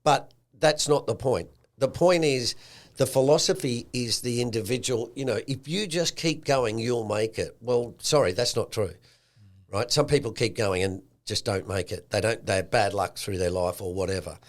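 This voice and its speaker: Australian man, podcast host, lively and slangy, mid-pitched voice. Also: moderate pace. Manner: animated, acts out quotes with a slangy tone. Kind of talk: casual chat.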